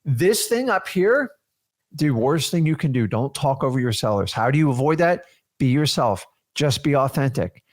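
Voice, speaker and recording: A man's voice: medium pitch, lively intonation, moderate pace. A man co-hosting a casual chat, talking in an emphatic, coach-like way straight to the viewers. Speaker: co-host.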